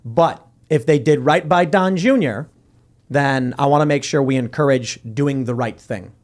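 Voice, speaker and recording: A man's voice: medium pitch, moderate pace, a little mellow. A man hosting a podcast, reading viewer comments aloud and chatting casually with wry, jokey asides. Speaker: podcast host.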